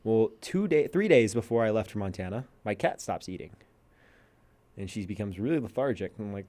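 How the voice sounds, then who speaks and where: Young male podcast guest, low voice, lively storyteller, casual. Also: fairly quick. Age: young adult. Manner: animated storyteller, acts out quotes.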